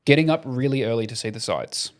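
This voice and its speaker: A man co-hosting a podcast, cracking crude deadpan jokes in casual chat. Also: mid-range voice, fast. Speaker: podcast co-host.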